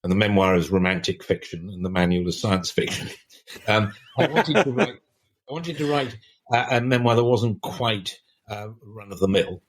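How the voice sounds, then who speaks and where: A man's voice: fairly low pitch, expressive, normal speed. An older man, a writer guest on a podcast, talking in a reflective, discursive way with many restarts. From England. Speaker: author guest.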